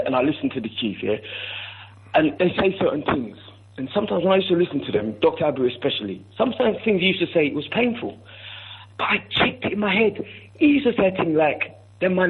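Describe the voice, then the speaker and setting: A man rants down a tinny phone line into a radio talk show. His voice is husky and a little high, and he keeps hammering each point with "bruv". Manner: forceful, repeats "bruv", ranting. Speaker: caller. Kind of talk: heated phone-in rant.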